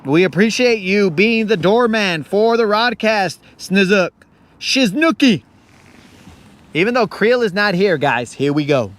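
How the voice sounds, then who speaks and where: A man's voice: sits high, animated, unhurried, fairly bright tone. A man hosting a live fishing stream from a boat, chatting casually in a joking, slangy, teasing way. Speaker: fishing livestream host. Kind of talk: casual chat. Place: outdoors on a lake boat.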